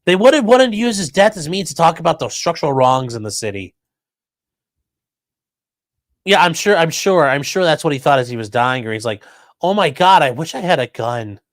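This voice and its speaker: Guy mocking news clips on his podcast, lively swooping voice, sarcastic. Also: fairly high pitch, fast, hardly any pauses, no room sound. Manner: sarcastic, profane, animated mockery. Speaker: podcast host. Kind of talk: casual commentary on news clips.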